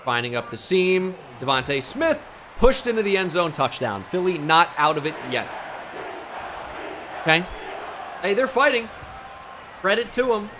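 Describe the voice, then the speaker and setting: Excitable young man calling his own game. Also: a little high, slight background noise. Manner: excitable, mock sports-caster play-by-play with frustrated outbursts. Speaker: gaming YouTuber. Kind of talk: Let's Play commentary.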